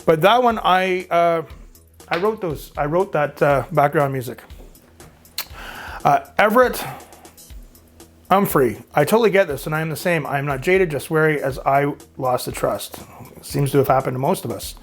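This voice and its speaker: A man's voice: on the high side, moderate pace, pauses often, soft background music. A Canadian man in his fifties hosting his own channel, chatting casually and rambling a little as he reads out viewer comments. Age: 50s. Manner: rambling, chatty, frequent filler words. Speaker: YouTube host.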